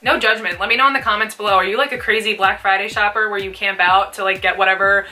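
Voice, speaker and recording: A woman's voice: medium pitch, steady tone, fast, distant mic, loud music behind the voice. A young woman chatting casually while doing a makeup tutorial, peppering her talk with "like". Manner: chatty, fills speech with "like". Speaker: beauty vlogger.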